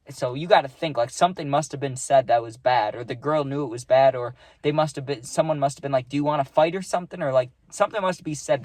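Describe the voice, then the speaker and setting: A man's voice: medium pitch, darkish tone, dry recording. A young man casually telling a rambling story, full of fillers, acting out what he saw. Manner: rambling, filler-heavy, acts out the scene.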